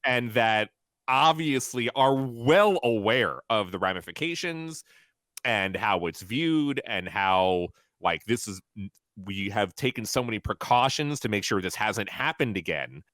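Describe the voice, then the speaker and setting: A male guest on a stream, explaining his view in a measured way during a casual chat. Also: on the low side, expressive, fairly bright tone, dry recording. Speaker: guest commentator.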